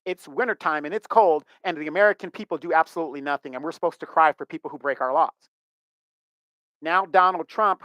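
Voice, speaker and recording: A man's voice: a little high, a bit bright, dry recording. Middle-aged guy vlogging a rant, indignant n emphatic, dry close sound. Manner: emphatic, indignant, repeats himself. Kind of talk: ranting commentary.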